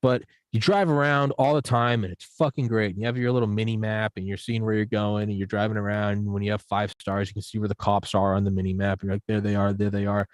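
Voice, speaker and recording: A low-pitched man talks fast with few pauses on a dry recording as a podcast guest. He's casual and rambling, swears freely and acts out small examples as he goes.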